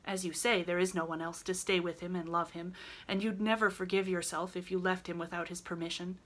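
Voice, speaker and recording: A woman doing motherly teen girl, prim, lectures earnestly, higher bright voice, storybook. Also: normal speed, close to an everyday voice.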